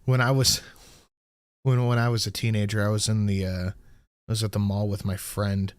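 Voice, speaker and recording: Lower-voiced, blunt man. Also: level tone, moderate pace, smooth, no echo, clean studio sound. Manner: exasperated, blunt, swears. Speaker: podcast co-host. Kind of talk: casual chat, anecdotes.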